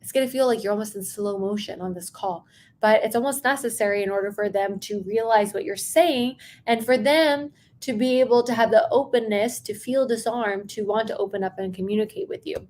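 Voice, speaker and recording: A young woman coaching on sales during a live stream, talking fast and chatty with lots of fillers. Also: medium pitch, darkish tone.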